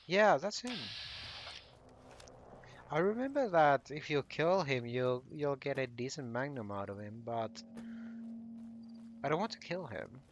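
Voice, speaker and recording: A man's voice: mid-range voice, lively intonation, measured pace, long pauses, dull audio, slight background noise. A man casually commenting while playing a video game, rambling and often correcting himself. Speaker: gaming channel host. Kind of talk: casual let's play commentary.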